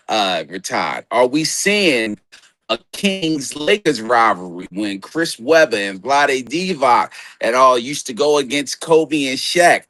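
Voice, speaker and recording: A man's voice: lowish voice, fairly bright tone, dry recording. A man co-hosting a casual sports talk show, blunt and emphatic, asking rhetorical questions.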